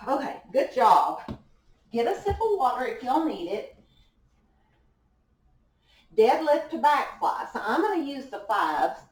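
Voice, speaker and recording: She has a high, sing-song voice, keeps a measured pace, and pauses often. A young fitness instructor, she leads a guided workout at home, encouraging the class while doing the moves herself. Her indoor room sounds echoey, captured from afar by a camera mic.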